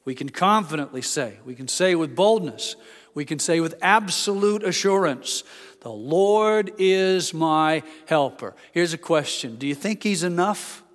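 An older man preaching a sermon as a pastor, rising to loud emphatic peaks, then dropping into quiet, homely storytelling. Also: fairly high pitch, expressive, normal speed. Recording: long hall reverb.

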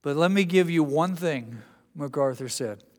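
Male pastor, slightly higher voice, folksy conversational preaching, long church reverb. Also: animated, moderate pace, darkish tone. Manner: conversational, folksy, with frequent restarts. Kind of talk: sermon. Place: church sanctuary.

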